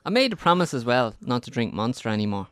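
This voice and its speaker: A man's voice: mid-range voice, big pitch swings, fast, clear, resonant tone, dry recording, clean studio sound. Rambling young man on a podcast. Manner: rambling, stop-start storytelling with many restarts. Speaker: podcast co-host. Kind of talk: casual chat, telling a story.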